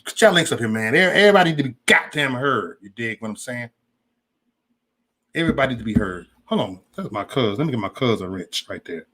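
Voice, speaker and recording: Male livestream host, lively pitch, rambling and foul-mouthed, casual chat with viewers. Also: a little fast. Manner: profane, loose and rambling, talks straight to chat.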